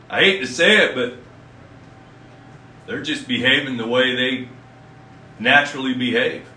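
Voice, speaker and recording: Bright-voiced folksy preacher in an echoey room. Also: male voice, mid-range voice, recorded from a distance, a little hiss or hum. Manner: folksy, reads scripture slowly and emphatically. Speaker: pastor. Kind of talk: sermon.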